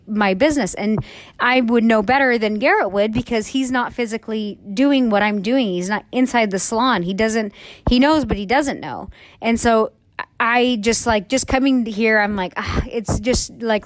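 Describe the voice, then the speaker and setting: A woman's voice: fairly high pitch, dry recording. A woman in her thirties, a salon owner talking candidly in a casual podcast chat, rambling with lots of fillers and the odd swear word.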